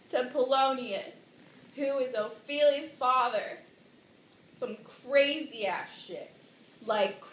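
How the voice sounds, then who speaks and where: Giggly, rambling high-voiced woman. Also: fairly bright tone, reverberant, slight background noise. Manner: rambling, giggly, slow, with dramatic outbursts. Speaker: drunk storyteller. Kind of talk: tipsy comic retelling of a classic play.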